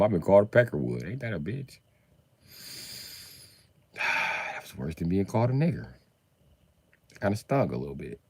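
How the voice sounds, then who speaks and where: A man talking casually on a live stream in a profane, animated way, breaking into laughs between remarks. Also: low voice, no echo.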